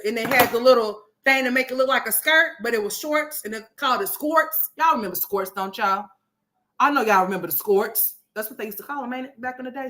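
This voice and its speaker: A woman from Oklahoma hosting a commentary stream, ranting brashly with a lot of profanity. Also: on the high side. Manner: brash, profane, loud sassy rants. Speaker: commentary host. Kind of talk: livestream commentary on a reality video.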